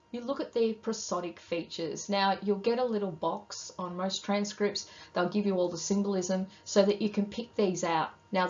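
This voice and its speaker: A woman teaching a recorded lesson, explaining terms in a clear, measured tone and guiding students with questions. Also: mid-range voice, lo-fi sound.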